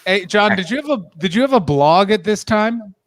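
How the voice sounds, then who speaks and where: A man's voice: high-pitched, expressive, normal speed, no room sound, studio quality. A man joining a casual stream chat, playful and teasing, laughing as he asks questions.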